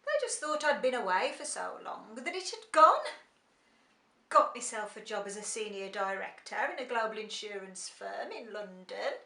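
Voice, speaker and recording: A woman's voice: mid-range voice, animated, normal speed, creaky, bright, forceful tone, reverberant. An actress playing a middle-aged working-class woman turned executive, speaking with a Black Country accent in a wry, confiding monologue. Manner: wry, confiding, switches to a clipped posh work voice. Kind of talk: monologue drama.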